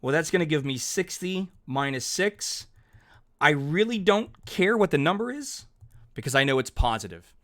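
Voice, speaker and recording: A man's voice: a little high, lively intonation, normal speed, a bit bright. A man teaching calculus over a digital whiteboard, chatty and upbeat, thinking aloud and correcting himself as he writes each step. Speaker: math teacher. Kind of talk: narrated whiteboard math lesson.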